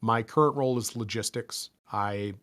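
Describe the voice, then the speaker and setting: A young man with a fairly low voice answers fan questions in a loose, casual chat. He rambles and fills gaps with ums, and now and then he jokes at his own expense. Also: moderate pace, a bit bright. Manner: rambling, self-deprecating, many fillers.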